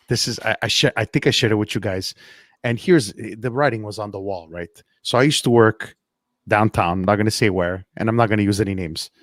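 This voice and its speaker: Animated man telling stories on a podcast. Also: fairly low pitch, brisk, dry recording. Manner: animated storyteller, laughs often, repeats words. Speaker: podcast co-host. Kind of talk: casual podcast chat, storytelling. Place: Montreal.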